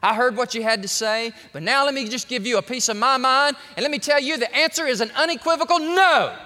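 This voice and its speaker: A man's voice: extremely high pitch, brisk, sharp tone, full character voice. A preacher acting out a grumpy, self-pitying old father who refuses to listen, in a whiny, melodramatic way. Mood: stubborn. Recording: long hall reverb.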